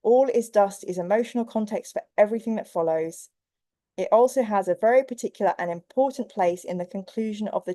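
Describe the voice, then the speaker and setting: Chatty woman livestream host with stuffy nose. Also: medium pitch. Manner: chatty, laughs easily, soft cozy reading voice. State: stuffy nose from hay fever. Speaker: book channel host. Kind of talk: casual livestream chat and bedtime story reading.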